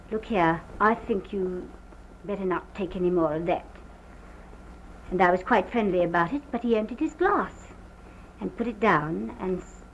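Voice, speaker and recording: An actress playing a distraught woman who haltingly recounts a violent night, in early sound-film acting on a muffled old film recording. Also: medium pitch, a little hiss or hum, lightly acted. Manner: halting, hesitant, breaks off.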